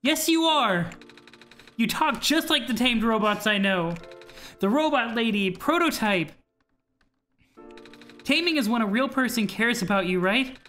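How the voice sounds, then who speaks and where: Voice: mid-range voice, lively intonation, unhurried, long pauses, a bit bright, voice pushed up. A gamer voicing the earnest child hero of a video game, reading its lines aloud in a pleading way over faint music.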